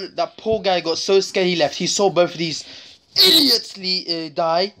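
Her voice sits on the low side, animated and sharp in tone, at a normal speed. A mobile game streamer, she jokes casually through a mobile shooter, trash-talks opponents, and yelps without warning, all on a noisy phone screen recording with tapping clicks.

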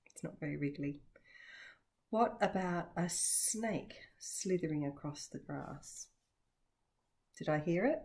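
A woman teacher giving a children's vocabulary lesson, speaking slowly and encouragingly and pausing for answers. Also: fairly low pitch, lively intonation, a little mellow. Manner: slow, sing-song and encouraging, with pauses for answers.

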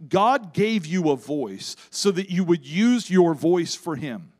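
A man pastor preaching a sermon from a church stage, with wide swings in pitch and loudness, drawn-out emphasis on key words and casual asides to the congregation. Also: lively intonation. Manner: acts out quoted voices in Bible stories, casual asides to congregation.

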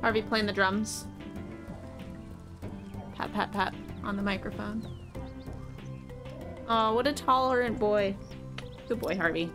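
A woman's voice: mid-range voice, slow pace, pauses often, over music. A woman streaming a game live, chatting casually with viewers and cooing at her cat.

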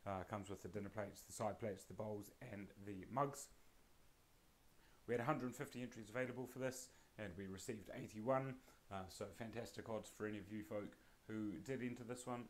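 A man with a croaky, laryngitis-strained voice hosts a live-streamed prize draw, greeting viewers by name in a friendly way. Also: on the low side, steady tone, moderate pace.

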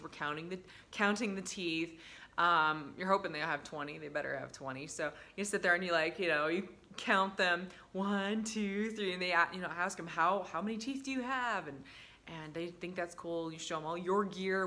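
A woman telling casual stories about her dental work, chatty with lots of fillers, breaking into bright quoted voices. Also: lowish voice. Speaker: dental hygienist vlogger. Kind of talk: casual storytelling to camera.

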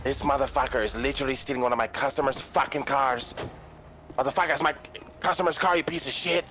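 A man doing in-character roleplay banter in a game, loud, confrontational and full of profanity. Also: mid-range voice, steady tone, quick pace, slight background noise. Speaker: fellow roleplayer.

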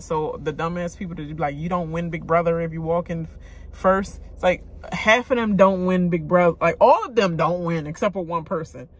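A woman's voice: low-pitched, a little hiss or hum. Blunt woman ranting about reality TV. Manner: blunt, animated, swears freely. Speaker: reality TV commentator. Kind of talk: casual rant to camera.

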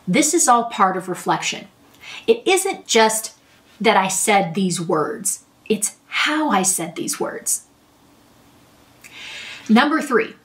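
A woman's voice: medium pitch, fairly bright tone, distant mic. A middle-aged woman therapist explaining a listening skill in a friendly, conversational way, with examples. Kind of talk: talking-head advice lesson.

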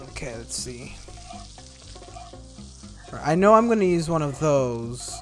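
A man's voice: fairly high pitch, sing-song, unhurried, pauses often, soft background music. A young man hosting a gaming video, playing a cooking game and teasing the game's customers in a playful way, recorded at home on a desktop microphone. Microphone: desktop USB microphone.

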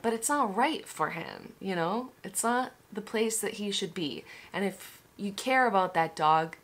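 A woman's voice: medium pitch, animated, unhurried, fairly bright tone. A young woman vlogger telling a personal story candidly, swearing and restarting often. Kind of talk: emotional personal story vlog.

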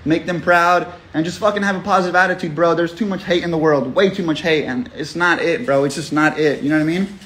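A young man talks to his followers over a phone livestream, rambling and swearing through slangy pep talk. His voice sits a little high for a man. The delivery stays loose and unscripted. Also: fairly even intonation, fast talker, a bit bright. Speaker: livestream host running a raffle. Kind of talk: casual livestream chat.

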